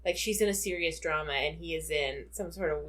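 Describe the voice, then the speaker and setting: Brief: woman film-podcast co-host, slightly low pitch, loose chatty delivery, laughs easily. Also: brisk, a bit bright. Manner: chatty, laughs often, many fillers. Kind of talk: casual film discussion.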